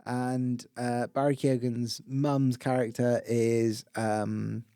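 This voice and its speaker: A man co-hosting a film podcast, his voice mellow and dark in tone. He rambles casually and lets his thoughts trail off into softer asides, recorded close and dry with no room around him. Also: medium pitch, level tone, slow, clear, resonant tone, no echo. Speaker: podcast co-host. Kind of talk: casual film review chat.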